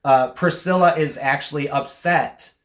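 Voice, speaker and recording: A man's voice: a little high, unhurried, fairly bright tone, slight background noise. A man co-hosting a casual book discussion, retelling scenes in a loose, conversational way that often trails off. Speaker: podcast co-host.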